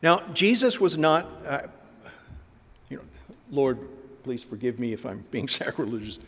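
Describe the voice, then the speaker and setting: A man's voice: medium pitch, sing-song, unhurried, fairly bright tone. A man in the middle of his voice range gives a Lenten talk in a church, the sound trailing off in a long reverb. He talks casually, with plenty of fillers, and slips into acting out gospel dialogue as he goes. The recording is a plain parish lecture. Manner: conversational, with filler words and acted-out gospel dialogue. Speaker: guest speaker.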